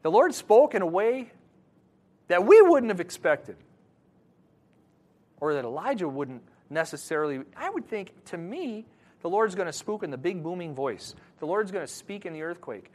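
A man preaching a sermon to his congregation, moving between quiet scripture reading and loud, animated emphasis. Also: high voice, moderate pace. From Wisconsin, USA. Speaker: pastor.

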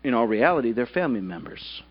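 A man's voice: mid-range voice, very animated, fast, dull audio. A male pastor preaching a sermon at a church service, putting rhetorical questions to the congregation.

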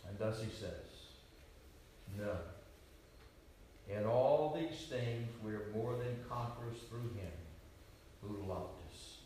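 A man preaching a sermon, swinging between loud, ringing declarations and quiet, hushed asides. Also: medium pitch, slight background noise. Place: retreat meeting hall. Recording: echoey room, voice from far off.

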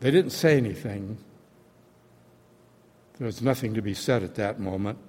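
A man preaching a sermon, retelling a story in a slow, deliberate, dramatic way. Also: fairly low pitch, a little mellow. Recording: long hall reverb.

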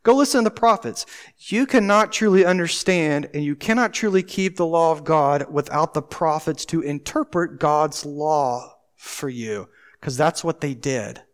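A man preaching a sermon as pastor, emphatic and full of rhetorical questions, swinging from loud declarations to hushed asides. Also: on the high side, a little slow. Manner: talks to the congregation with rhetorical questions.

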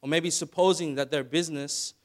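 A man preaching a sermon, dropping to quiet asides and then building to loud, dramatic retellings. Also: on the high side, steady tone, brisk. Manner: dramatic, swings from soft asides to shouted retellings.

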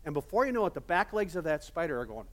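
Animated high-voiced male pastor. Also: fast. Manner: casual, animated, many fillers. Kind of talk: sermon storytelling.

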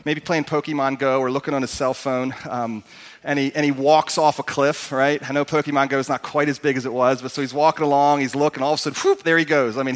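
A man pastor giving an emphatic, animated sermon in a church hall. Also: mid-range voice. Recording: echoey hall.

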